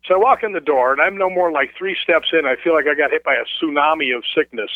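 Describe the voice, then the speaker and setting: A man casually telling a ghost story as a guest, animated and acting out the voices of the people in it. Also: on the high side, quick pace, no room sound. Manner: animated, acts out quoted voices. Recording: tinny phone line.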